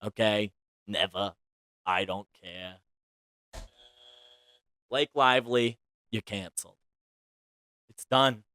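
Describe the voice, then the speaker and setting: A man hosting a celebrity gossip podcast in casual chat, chatty and dramatic, swinging between loud outbursts and soft asides. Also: fairly low pitch, takes it slowly, pauses often, smooth, no room sound. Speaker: podcast host.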